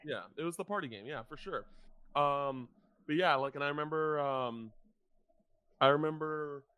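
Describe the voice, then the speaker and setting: This young man, co-hosting a podcast, rambles casually and leans heavily on "like" fillers. His fairly high-pitched voice is sharp-toned at a moderate pace, with slight background noise.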